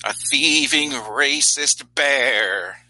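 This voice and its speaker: A suspicious oversized bumblebee leader speaks in slow, clipped demands, voiced by a man. The tone is very bright and the sound is dry and close. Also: mid-range voice, dry recording, exaggerated voice, low-quality recording.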